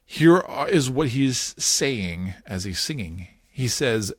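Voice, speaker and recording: A man hosting a casual podcast, talking in a playful, animated way and laughing often. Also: mid-range voice, takes it slowly, very noisy. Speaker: podcast host.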